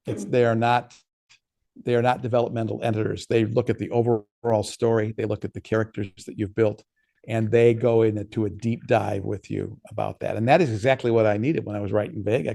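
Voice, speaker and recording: A man's voice: medium pitch, creaky, dark tone. A man, an author, giving a casual workshop talk and answering questions, telling stories in a conversational way with frequent restarts.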